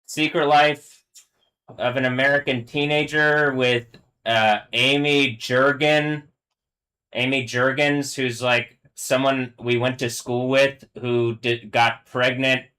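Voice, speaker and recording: A man talking alone on a live stream in an angry, profane rant. His voice sits at an ordinary pitch for a man. He keeps stumbling and restarting, and he veers between quiet, low muttering and sudden, strained, high-pitched yelling. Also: level tone, low-quality recording. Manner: halting, filler-heavy, restarts often. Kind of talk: rambling solo live-stream monologue.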